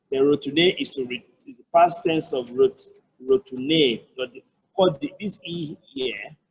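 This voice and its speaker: A man's voice: a little high, a little mellow, husky, low-quality recording. A man with a Nigerian accent teaching a French lesson, repeating and breaking down each phrase patiently. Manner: explains patiently, repeats phrases, slow careful French examples. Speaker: language tutor. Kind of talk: online language lesson.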